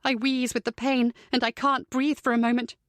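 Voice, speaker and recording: A woman's voice: high voice, level tone, normal speed, no room sound, clean studio sound. A woman narrating a first-person psychological thriller audiobook in a tense, dramatic way.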